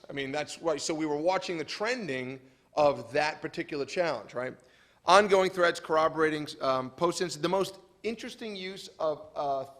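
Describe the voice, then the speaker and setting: A man's voice: a little high, fairly bright tone. A man giving a conference presentation, telling stories animatedly with frequent restarts. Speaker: conference speaker. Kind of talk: presentation talk with slides.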